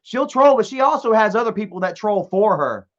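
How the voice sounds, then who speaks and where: A young man with a fairly high voice rambles through a casual live stream, reading viewer comments aloud. He stumbles, repeats himself and restarts his sentences. The sound is dull and lo-fi. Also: very animated, brisk.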